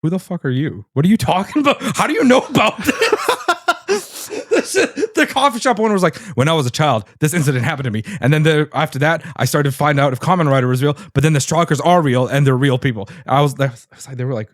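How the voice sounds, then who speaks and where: A man's voice: on the high side, big pitch swings, quick pace, no echo, studio quality. A man co-hosting a casual podcast, telling a story with lots of energy, laughing often and swearing casually. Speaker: podcast co-host. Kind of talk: casual chat.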